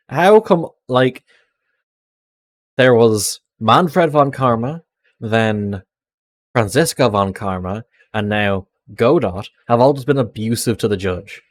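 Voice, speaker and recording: Casting: laid-back male streamer, wry remarks, mid pitch. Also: lively intonation, slow. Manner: wry, joking asides. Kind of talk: live game playthrough commentary.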